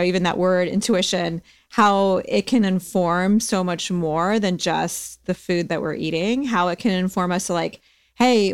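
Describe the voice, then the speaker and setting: A woman's voice: medium pitch, clean tone. Chatty woman podcast host. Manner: warm, compassionate, chatty with many fillers. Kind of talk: casual podcast conversation.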